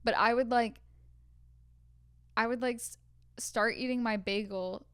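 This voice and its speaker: A woman's voice: fairly high pitch, fairly even intonation, a little slow, a bit bright, clean tone, no room sound, clean studio sound. A young woman co-hosting a podcast, telling stories from a film set in casual chat, full of "like" fillers. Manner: chatty storyteller, many "like" fillers. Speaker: podcast co-host.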